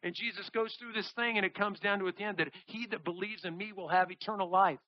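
A man preaching a sermon, reading scripture and acting out the people in the story with animated delivery. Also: high voice, fast talker, no echo, highs cut off. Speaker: pastor.

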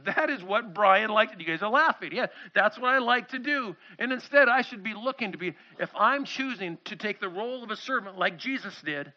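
A man's voice: sits high, lively intonation, a little fast, few pauses, pushed and bright. A middle-aged man, a pastor, preaching a sermon in a church and acting out quoted voices with animation. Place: church sanctuary. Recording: slightly dull lo-fi sound.

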